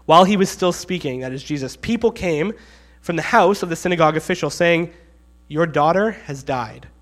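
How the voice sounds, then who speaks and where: A man delivers a sermon in a conversational, explanatory way, his voice pitched a little above the usual. He reads the scripture plainly and acts out the quoted lines with building emphasis. A faint mains hum runs under the recording. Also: fairly quick, a bit bright. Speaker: preacher.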